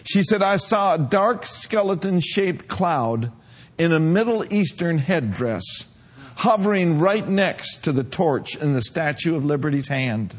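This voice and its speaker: Man preaching a sermon, fairly high voice. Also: lively intonation, measured pace. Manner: preacher reading a vision aloud, building to shouts. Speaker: pastor.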